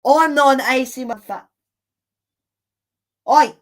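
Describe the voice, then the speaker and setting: A woman hosting a live football watchalong, commenting in an excitable, exclamatory way with indignant rants. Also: mid-range voice, takes it slowly. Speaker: watchalong host.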